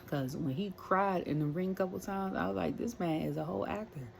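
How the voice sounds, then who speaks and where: Low-voiced chatty woman ranting casually. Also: fairly quick, gravelly, a little mellow, slight background noise. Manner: rambling, chatty, many fillers and asides. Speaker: wrestling commentary vlogger. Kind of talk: casual rant.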